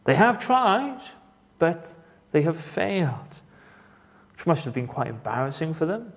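Male preacher, fairly high voice, deliberate rhetorical sermon delivery, hall reverb. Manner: measured, rhetorical, with dramatic pauses and questions to the congregation.

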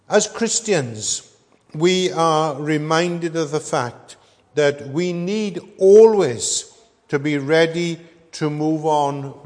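Slow, earnest preacher in a hall. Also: male voice, a little high, darkish tone. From Wales. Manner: measured, earnest, pausing with frequent ums. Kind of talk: sermon. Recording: echoey hall with long reverb.

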